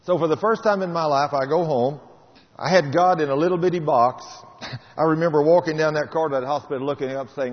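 A man gives a testimony sermon, telling his story dramatically and swinging between loud and soft passages. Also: fairly high pitch, expressive, a little fast. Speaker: preacher giving a testimony. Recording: dull recording with long hall reverb.

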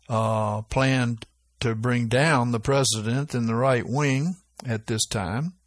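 Male preacher, slow deliberate delivery, informal sermon with scripture readings, dry close sound. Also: medium pitch, dry recording. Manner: unhurried, reads scripture with lifted emphasis, asks "right?".

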